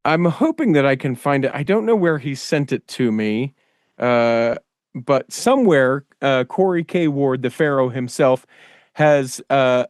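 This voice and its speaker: Smooth-voiced man hosting a podcast. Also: mid-range voice, lively intonation, a little slow, dry recording, studio quality. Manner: rambling, thinks aloud with many fillers. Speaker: podcast host. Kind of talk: casual chat.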